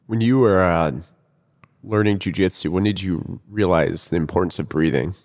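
A man interviewing a guest, thinking aloud with halting phrasing. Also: deep voice, darkish tone. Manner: halting, uses fillers while thinking aloud. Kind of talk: conversational interview questions. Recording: long room reverb.

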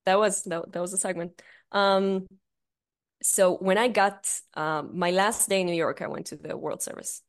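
A woman's voice: mid-range voice, steady tone, moderate pace. A young woman co-hosting a podcast, telling stories in casual chat, swearing freely and laughing often. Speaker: podcast co-host.

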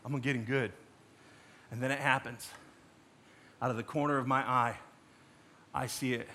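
A man preaching a sermon in a conversational storytelling way, dropping to quiet dramatic moments. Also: medium pitch, fairly even intonation, normal speed. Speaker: pastor.

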